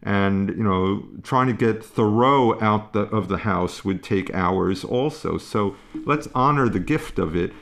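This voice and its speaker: A calm, unhurried man with a low voice and a gravelly edge. He explains his ideas in a musing way, trailing off and restarting as he thinks. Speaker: parenting expert guest. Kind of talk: conversational explanation.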